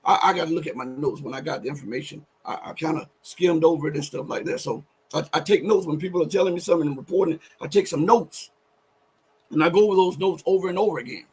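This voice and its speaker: A high-voiced man with a husky edge hosts live political commentary. He speaks emphatically and pushes his voice to near-shouting for stress. Between those peaks he rambles and corrects himself as he goes. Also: fast talker. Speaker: show host.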